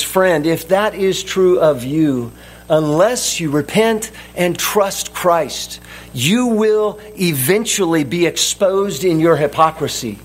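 High-voiced, slow, emphatic male preacher. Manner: earnest, emphatic, repeats key phrases. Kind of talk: sermon.

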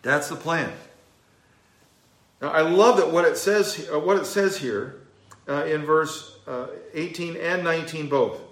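A man's voice: fairly high pitch, measured pace, fairly bright tone, roomy sound. A male pastor teaching a verse-by-verse sermon, emphatic, with a few fillers. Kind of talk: expository sermon.

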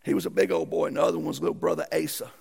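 A man preaches a sermon in a folksy storytelling way, breaking into emphatic bursts. His voice sits high for a man and is deeply gravelly, with a husky, rough edge. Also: animated, rapid-fire, darkish tone. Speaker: pastor.

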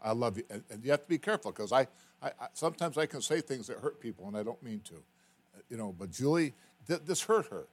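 A man's voice: medium pitch, lively intonation, fast, slightly rough. A man preaching a sermon, telling a personal family story with repetitions and emotional swings, then reading scripture emphatically.

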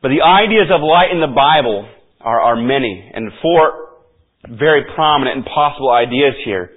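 A man's voice: mid-range voice, lively intonation, moderate pace. A man preaching a sermon as pastor, emphatic and repeating key phrases for stress. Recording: tinny phone-like audio.

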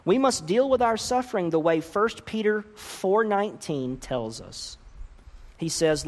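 Slow, emphatic male preacher in a hall. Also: sits high. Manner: earnest preaching with emphatic rises. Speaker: pastor. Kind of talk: sermon. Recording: long reverb of a large hall.

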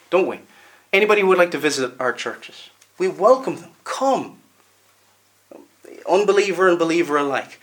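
A man with a Northern Irish accent preaching a sermon in an earnest, emphatic way, slowing down to stress key words. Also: a little high, pushed and bright.

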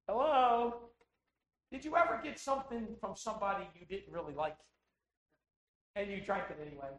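A man preaching a sermon, telling rambling personal stories full of quoted dialogue in an animated way. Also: high-pitched, normal speed, long pauses, poor audio. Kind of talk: sermon storytelling.

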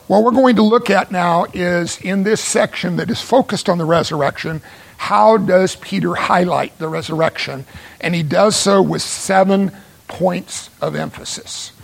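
High, gravelly preacher man. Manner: emphatic, repeats phrases for stress; asks rhetorical questions. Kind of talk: sermon.

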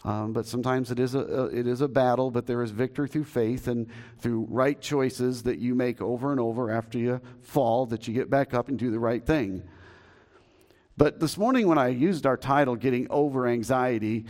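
A man's voice: mid-range voice, moderate pace, a little mellow. A man in his fifties preaching a sermon as pastor in a church, telling stories in a folksy, joking way with many restarts. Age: 50s. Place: church sanctuary.

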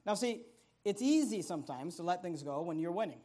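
A middle-aged man preaching a sermon as pastor, telling a story in a casual conversational way and rising to loud, emphatic peaks. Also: high-pitched, animated, a little fast.

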